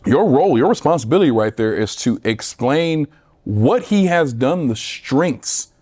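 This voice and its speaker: A man's voice: medium pitch, animated, a little slow, dark tone, breathy edge. A young man co-hosting a casual podcast chat, earnest and opinionated with slangy phrasing. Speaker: co-host.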